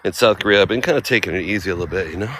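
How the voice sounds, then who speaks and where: A man's voice: sits low, racing, a bit bright, a little hiss or hum. A man vlogging casually at an outdoor exercise park, joking and playful. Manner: joking, playful, often exclaiming. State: out of breath. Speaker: travel vlogger. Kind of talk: casual vlog chat.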